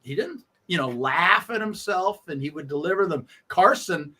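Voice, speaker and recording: Animated man telling a sports story. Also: high-pitched. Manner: animated, acts out quoted lines; halting with frequent restarts. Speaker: guest, sports writer. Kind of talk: anecdotal storytelling on sports radio.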